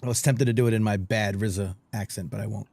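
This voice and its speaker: A man's voice: on the low side, steady tone, fast, a little mellow, no echo. A man hosting a live online show, chatting loosely with plenty of fillers. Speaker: podcast host. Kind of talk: casual livestream chat.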